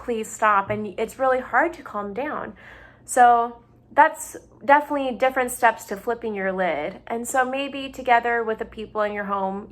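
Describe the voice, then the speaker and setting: A young woman speaking from her home, talking patiently to children and families. Her voice sits at an ordinary middle pitch, and she keeps her words simple and her examples everyday. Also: a bit bright. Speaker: doctoral student in psychology. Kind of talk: gentle explanatory talk for families.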